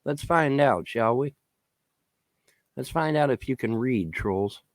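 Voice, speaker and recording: A man rants to the camera, cursing hard and taunting his critics with repeated mocking questions. His voice sits at an ordinary middle pitch and sounds dry and close, with no room echo. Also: lively intonation, slow. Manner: swearing, taunting, shouting in bursts. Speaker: vlogger. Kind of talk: angry profane rant to camera.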